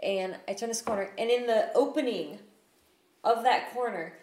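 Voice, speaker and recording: Woman swearing thru a con story, kinda high voice, echoey room. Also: moderate pace. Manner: profane, animated storyteller. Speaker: podcast host. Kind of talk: casual chat, storytelling. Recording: echoey room, faint noise.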